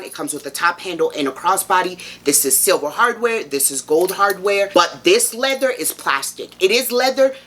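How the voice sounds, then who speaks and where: A woman vlogger talks straight to camera in a sassy, playful review. Her voice sits a little low for a woman, with a bright, forceful edge to it. She keeps the tone animated and teasing. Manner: sassy, playful, animated, calls the viewer baby. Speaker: fashion vlogger.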